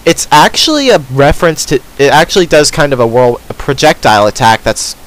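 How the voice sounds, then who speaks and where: A man's voice: fairly high pitch, very animated, brisk, fairly bright tone, low-quality recording. A man hosting a let's play, giving casual gaming commentary in a sarcastic, self-deprecating mutter.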